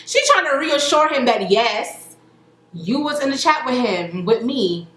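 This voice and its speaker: A young adult woman casually recapping a reality show, chatty and animated, acting out the quotes with laughter. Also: fairly high pitch, a little slow. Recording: echoey room with faint noise.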